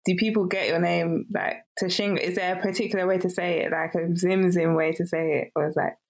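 A woman podcast host interviews her guest in a thoughtful, unhurried way, working through her questions with ums and small restarts. Her voice is slightly low for a woman. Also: level tone, low-quality recording.

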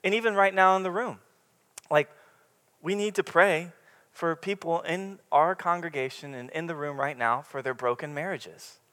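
A young man with a slightly high, fairly bright voice preaches at a moderate pace to a congregation in a church meeting room, where the recording carries long room reverb. His sermon is casual and candid, rambling a little with many fillers and restarts.

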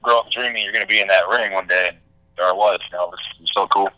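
A man's voice: low voice, steady tone, racing, sharp tone, no room sound, rough recording. A man, a wrestler being interviewed, talking casually with many fillers. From Texas. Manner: laid-back, many "you know" and "uh" fillers. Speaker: guest wrestler.

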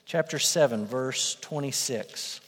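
A man preaching to a congregation, mostly chatty and direct but surging loud when he drives a point home. His mid-pitched voice rings out with a long reverb tail from a large hall. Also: slow pace. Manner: conversational, emphatic, rising to loud bursts for quoted lines. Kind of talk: sermon.

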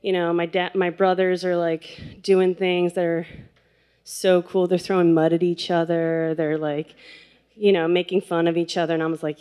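A woman casually telling a funny personal story, animated, laughing and acting out quotes. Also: on the low side, normal speed, smooth.

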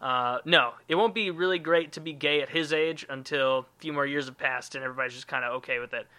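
A man's voice: mid-range voice, steady tone, quick pace, sharp tone. A man hosting a casual podcast, reading out listener questions and wandering into loose, profane asides. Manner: loose and profane, rambling asides, hums filler syllables. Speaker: podcast host.

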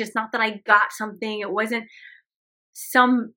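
A woman's voice: a little high, level tone, a little slow, sharp tone. A woman in her thirties hosting a personal faith podcast, talking earnestly and emotionally in a chatty way. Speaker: podcast host.

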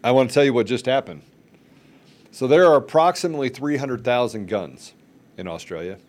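A man's voice: medium pitch, lively intonation, a little fast, darkish tone. A man co-hosting a podcast, speaking with passion and repeating phrases for emphasis. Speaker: podcast co-host. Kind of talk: casual political podcast talk.

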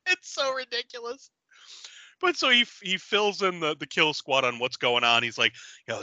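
A man co-hosting a podcast, recapping a movie in casual chat, animated and laughing often. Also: sits high, moderate pace, no echo. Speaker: podcast co-host.

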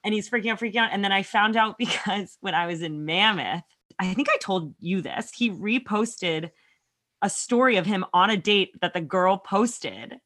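A woman in her thirties co-hosts a podcast and tells stories in casual, unfiltered chat. She swears freely and acts out the lines others said to her. Her voice is bright and sharp. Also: mid-range voice. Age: 30s. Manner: quick, swearing, quotes herself. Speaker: podcast co-host.

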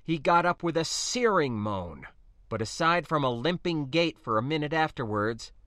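A man giving an expressive, scripted first-person narration of a science-fiction story. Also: medium pitch, no echo, clean studio sound.

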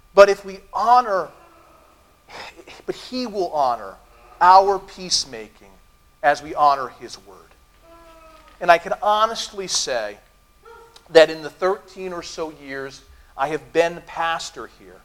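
A middle-aged man preaching a sermon as pastor of his church, telling stories and talking back and forth with the congregation. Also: high voice. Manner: lively storytelling with audience asides. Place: church sanctuary.

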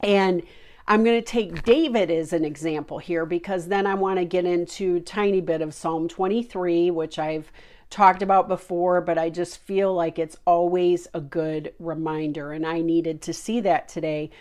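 A woman's voice: fairly low pitch, fairly even intonation, moderate pace, darkish tone. A middle-aged woman giving an informal, heartfelt Christian devotional talk, earnest and full of fillers.

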